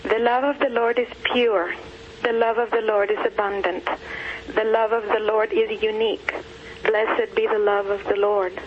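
A caller phoning in, speaking hesitantly at first, then reciting a devotional poem in a measured way. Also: medium pitch, level tone, slight background noise. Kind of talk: phone call reading a poem. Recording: dull phone line.

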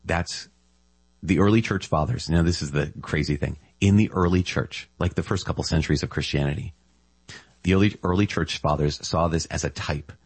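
A man's voice: very deep voice, normal speed, husky, no echo. A man giving a casual, enthusiastic reflection on scripture as a Catholic preacher, often marvelling aloud.

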